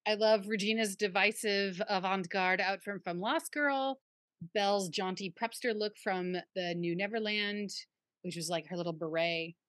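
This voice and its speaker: Woman host, casual chat, effusive and quick to gush, dry mic. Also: mid-range voice, steady tone, fairly bright tone, no echo. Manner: gushing, chatty, fond of swearing. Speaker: podcast co-host.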